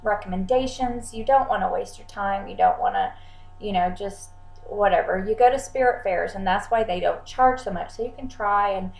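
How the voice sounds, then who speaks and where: A woman's voice: medium pitch, very animated, normal speed, vocal fry. Chatty woman psychic in an echoey room. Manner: chatty, repeats words, acts out clients' lines. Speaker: psychic channeler. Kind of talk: casual vlog advice.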